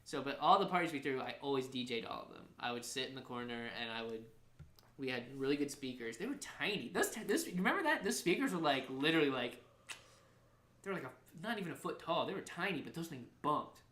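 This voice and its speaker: A man's voice: mid-range voice, expressive, quick pace, pushed and bright, echoey room. A man in his twenties, co-hosting a podcast, tells a rambling, profane story and acts out the people in it. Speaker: podcast co-host. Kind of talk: casual storytelling chat.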